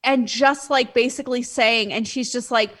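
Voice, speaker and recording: A woman co-hosting a podcast in casual chat, animated and full of "like" fillers. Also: fairly high pitch, normal speed. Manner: animated, often acts out quotes, many "like" fillers. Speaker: podcast co-host.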